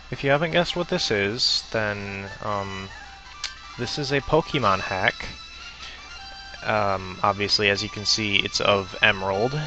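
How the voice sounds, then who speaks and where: A man's voice: on the low side, rough recording. A man giving casual gameplay commentary, hesitant with lots of ums and self-corrections. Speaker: let's player.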